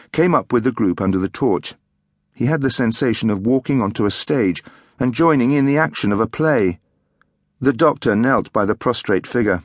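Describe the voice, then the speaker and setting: A man narrating a mystery audiobook in an expressive, dramatic storytelling manner. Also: fairly low pitch, no room sound, studio quality.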